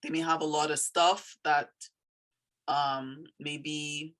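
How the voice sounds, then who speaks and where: Low-voiced Trinidadian woman explaining. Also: flat delivery, a bit bright. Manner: thoughtful, pauses to search for words. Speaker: poet explaining her poem. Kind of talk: casual explanatory talk.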